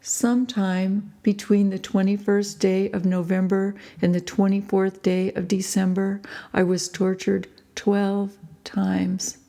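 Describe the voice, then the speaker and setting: A woman reading her own book aloud in a grave, measured first-person storytelling manner. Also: medium pitch, flat delivery, mellow. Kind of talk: audiobook narration.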